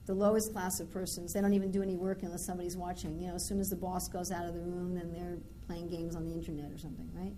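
A woman's voice: lowish voice, level tone, quick pace, few pauses, dark tone, a little hiss or hum. A woman giving an informal scripture class, talking conversationally and acting out everyday dialogues. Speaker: spiritual teacher.

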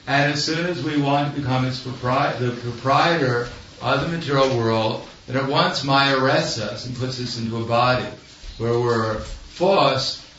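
A man's voice: medium pitch, fairly bright tone, slight background noise. Man preaching in an echoey hall. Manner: wry, anecdotal, chuckles at his own jokes. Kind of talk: storytelling sermon. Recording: echoey hall, distant dull mic.

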